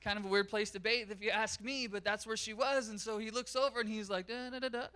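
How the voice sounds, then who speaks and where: A man pastor preaching a sermon in a church, telling a story in an animated way. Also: high-pitched, fast, clean tone. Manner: animated storytelling, acts out quotes.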